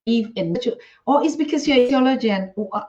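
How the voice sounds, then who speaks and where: A woman's voice: on the high side, animated, brisk, dark tone, highs cut off. A woman hosting an interview, asking questions in an amused, wondering way. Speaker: host. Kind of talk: interview chat.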